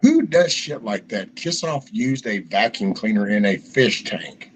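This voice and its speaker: A man's voice: lowish voice, unhurried, slightly rough, poor audio. A man chatting casually with friends, swearing freely and acting out little scenes as he talks. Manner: animated, swearing, acts out scenes in a raised voice. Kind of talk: casual chat.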